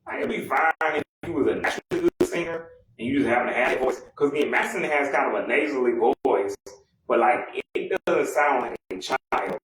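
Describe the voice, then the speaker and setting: A man's voice: mid-range voice, lively intonation, brisk, a bit bright. Profane ranting man, echoey room. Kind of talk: casual rant. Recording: echoey room with faint noise.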